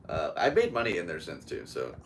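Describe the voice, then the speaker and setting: A man's voice: a bass voice, wildly swooping pitch, a little fast, slight background noise. A man hosting a podcast, telling a story in casual chat, laughing often and acting out other people's lines. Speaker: podcast host.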